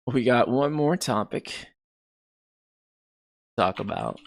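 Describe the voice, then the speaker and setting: A man's voice: mid-range voice, lively intonation, slow, creaky. A man in his thirties hosting a livestream, chatting casually and rambling with lots of fillers. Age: 30s. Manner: rambling, many fillers like "you know" and "like". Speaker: streamer host.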